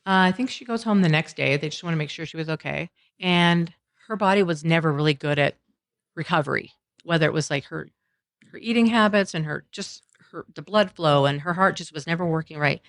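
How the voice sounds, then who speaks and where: A Colorado woman appears as a podcast guest, speaking in a low, fairly quick voice with studio-quality sound and no echo. Set in a coffeehouse, her casual conversation unfolds a long personal story, full of quoted exchanges she acts out in run-on phrases.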